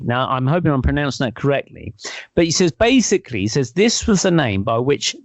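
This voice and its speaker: A man's voice: mid-range voice, sing-song, moderate pace, dry recording, muffled recording. A man telling a story casually, rambling along with many fillers and self-corrections.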